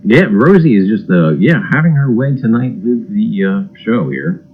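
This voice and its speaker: A man's voice: on the low side, expressive, moderate pace, breathy edge, lo-fi sound. A man hosting a livestream in a folksy, jokey way, greeting viewers by name and repeating his catchphrases. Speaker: livestream host. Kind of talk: casual livestream chat.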